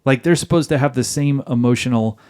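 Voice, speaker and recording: Man, podcast host, emphatic, jokey, acts out dialogue, middle pitch. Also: fairly quick, darkish tone. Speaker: podcast host giving marriage advice. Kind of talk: advice podcast monologue.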